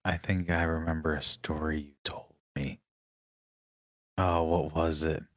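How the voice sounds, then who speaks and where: A man's voice: a bass voice, little pitch movement, unhurried, no room sound, studio quality. A man co-hosting a podcast, telling stories in a laid-back way, laughing often and answering with short agreements. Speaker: podcast co-host. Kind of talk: casual storytelling banter.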